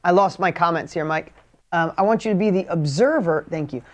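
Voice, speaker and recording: A man giving a motivational talk to an audience. He speaks bluntly and with energy, swinging between loud, emphatic lines and hushed ones. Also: high voice, fairly quick.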